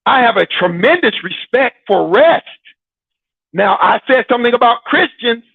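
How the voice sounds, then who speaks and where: A man's voice: very high-pitched, lively intonation, normal speed, vocal fry, breathy edge, dry recording, phone-quality sound. A man hosting a Christian broadcast, preaching in a casual, teasing way with dramatic repetition and frequent laughs. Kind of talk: sermon-like casual talk.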